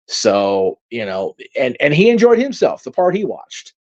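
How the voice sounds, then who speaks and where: A man's voice: medium pitch, huge pitch swings, unhurried, darkish tone. A man hosting a casual livestream, reading out viewer comments and reacting in a rambling, heated way, swearing freely and using many fillers. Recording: dull lo-fi stream audio.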